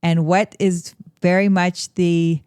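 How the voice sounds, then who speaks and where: A woman's voice: fairly low pitch, little pitch movement, takes it slowly, darkish tone, smooth, no room sound, clean studio sound. A woman co-hosting a history podcast, explaining events in a casual, storytelling way.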